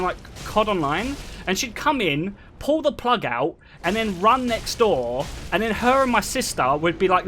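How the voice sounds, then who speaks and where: A young man streaming and chatting casually, telling stories in an animated way with frequent laughter. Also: high voice, a little hiss or hum. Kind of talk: casual chat.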